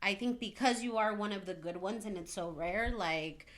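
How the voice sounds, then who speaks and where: A woman co-hosting a podcast in casual chat, chatty and quick to laugh. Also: medium pitch, a bit bright. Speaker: podcast co-host.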